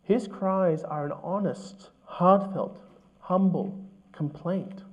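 Male pastor, sermon delivery, earnest and measured, fairly high voice, muffled sound. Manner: earnest, measured preaching with rhetorical questions.

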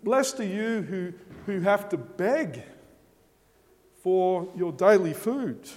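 A man's voice: sits high, lively intonation, takes it slowly, a little mellow. A man preaching a sermon, speaking emphatically and asking rhetorical questions. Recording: long hall reverb.

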